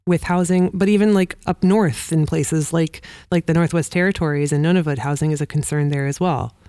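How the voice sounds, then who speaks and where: A woman's voice: low voice, fairly even intonation, a little fast, dark tone, no echo. A woman hosting a podcast interview, casual and conversational, asking follow-up questions. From Canada. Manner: casual, conversational, laughs lightly. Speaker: podcast host.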